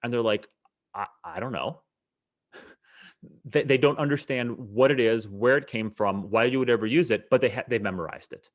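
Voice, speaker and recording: A man teaching a math webinar, explaining in a lively way with frequent fillers and restarts. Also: medium pitch, fairly quick. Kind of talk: webinar lecture.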